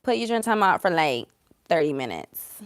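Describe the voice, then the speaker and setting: A woman's voice: fairly low pitch, sing-song, a little fast, no echo, studio quality. Sarcastic, blunt woman tarot reader. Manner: sarcastic, blunt and profane, laughs often. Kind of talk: live-streamed tarot reading.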